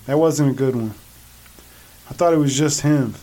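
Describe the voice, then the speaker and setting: A man's voice: mid-range voice, moderate pace, mellow. A man hosting a podcast in loose, profane casual chat, laughing often while he cues up clips. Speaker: podcast host.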